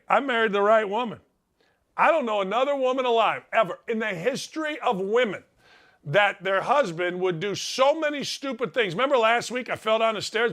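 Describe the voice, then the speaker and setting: Excitable man telling stories, higher voice. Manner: excitable storyteller, self-mocking, repeats phrases for effect. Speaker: sports show host. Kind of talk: animated casual monologue.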